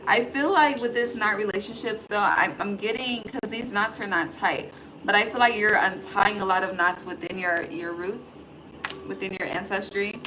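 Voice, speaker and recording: A chatty woman talks through an intuitive card reading at an everyday pitch, thinking aloud as she goes. She swears freely and calls her listener honey. A steady hiss of background noise sits clearly under her voice. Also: moderate pace. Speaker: intuitive tarot reader. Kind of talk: casual spoken card reading.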